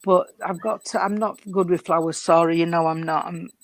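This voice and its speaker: A woman gives a spiritualist mediumship reading during a church service, emotional and tearful, affectionately calling the listener darling and sweetheart. Her lowish voice is brisk with fairly even intonation. A crowd can be heard in the background of this low-quality recording.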